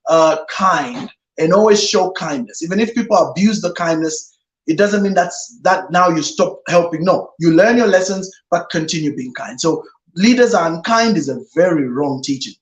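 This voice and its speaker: A reverend giving an emphatic motivational talk on leadership, often repeating "no, no, no" to dismiss ideas. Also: male voice, sits high. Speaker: guest speaker, reverend. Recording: roomy echo.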